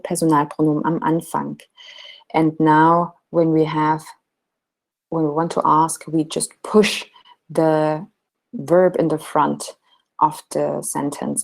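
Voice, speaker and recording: A woman's voice: sits low, creaky, a little mellow, rough recording. A woman teaching a class, patiently explaining and modelling example sentences. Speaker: German teacher. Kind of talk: online language lesson.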